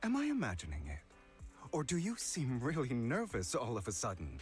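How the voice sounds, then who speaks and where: Hugo, a suave courtly collector. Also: male voice, medium pitch, moderate pace, soft background music. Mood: probing. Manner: smooth, courtly, flattering. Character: suave mysterious man, a refined collector. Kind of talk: game character dialogue.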